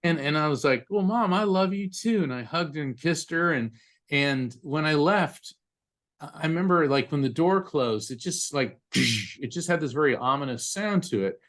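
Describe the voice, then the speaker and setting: A man telling a personal story as a podcast guest, often halting and repeating words as he goes. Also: on the high side, a bit bright. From United States. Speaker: psychic medium and attorney, podcast guest.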